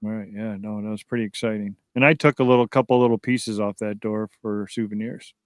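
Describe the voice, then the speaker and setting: A man hosting a radio talk show in a relaxed, conversational way and reading out listener questions. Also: fairly low pitch, a little fast, no echo.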